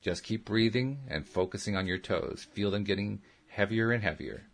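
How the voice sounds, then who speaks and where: A man voicing a calm, patient female counselor who gives slow, soothing instructions in an audiobook. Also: lowish voice, gravelly. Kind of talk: audiobook character reading.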